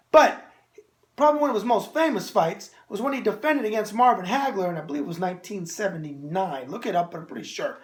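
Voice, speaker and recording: A middle-aged man with a New York accent hosting a boxing show, answering viewer mail in brash wise-guy banter. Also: sits high.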